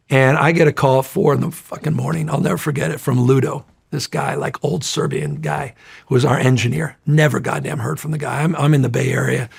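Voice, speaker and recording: A middle-aged man talks in a gravelly, husky voice at an average pitch. He tells stories in a loose, profane, animated way and puts on loud voices for the people he quotes. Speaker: interview guest. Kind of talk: casual storytelling chat.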